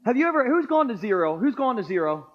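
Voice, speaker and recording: A man's voice: extremely high pitch, sing-song, quick pace, muffled recording. A man preaching a sermon as pastor in a church, joking with the congregation. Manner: joking, playful, crowd-engaging. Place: church auditorium.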